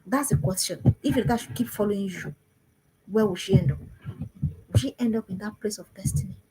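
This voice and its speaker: A woman's voice: medium pitch, expressive, brisk, vocal fry, dark tone, breathy edge, rough recording. A woman, a parenting coach giving an emphatic talk to parents and repeating phrases for stress.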